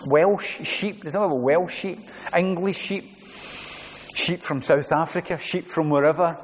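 A man's voice: on the high side, unhurried, big-room sound. A man preaching a sermon to his congregation, earnest and repeating his phrases as he goes. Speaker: pastor.

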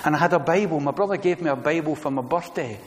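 Preacher guy, kinda high voice, earnest, gets loud and repeats himself, big churchy reverb. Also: fast talker. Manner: earnest, builds to loud emphatic declarations with repeated phrases. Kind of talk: sermon. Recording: long reverb of a church hall.

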